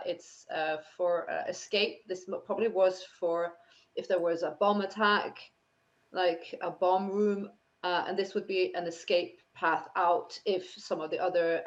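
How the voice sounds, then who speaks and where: Halting woman game master, muffled sound. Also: lowish voice, fairly even intonation. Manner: descriptive, halting with fillers. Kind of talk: narrating a tabletop game. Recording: dull lo-fi sound.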